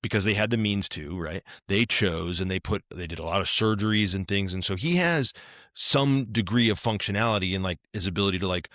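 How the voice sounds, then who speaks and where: A man's voice: deep voice, fairly quick, a bit bright, no echo, studio quality. A man co-hosting a podcast, telling a long rambling story in casual chat, tagging his points with "right?". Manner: rambling, tags lines with "right?". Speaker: podcast co-host.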